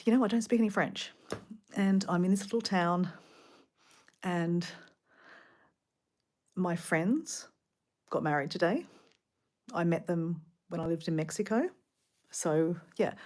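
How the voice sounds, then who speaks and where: A woman from Australia with an Australian accent, rambling casually in a travel vlog from a hotel room, full of fillers and sometimes dropping to a soft whisper. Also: on the low side, unhurried, pauses often. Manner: chatty, rambling, filler-heavy, drops to a soft whisper at times. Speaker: travel vlogger.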